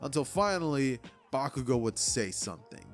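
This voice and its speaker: A man's voice: mid-range voice, very animated, moderate pace, faint music behind. A man casually narrating a fan what-if story, rambling with lots of fillers.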